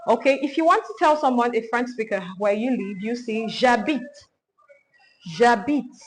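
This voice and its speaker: A woman teaching a beginner French lesson, speaking slowly and repeating each phrase for learners. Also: fairly high pitch, lively intonation, soft background music, poor audio.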